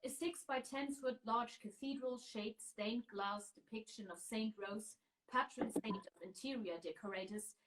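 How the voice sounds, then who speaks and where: A woman reading a novel chapter aloud with expressive delivery. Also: a little high, measured pace, a little hiss or hum, poor audio. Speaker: reader.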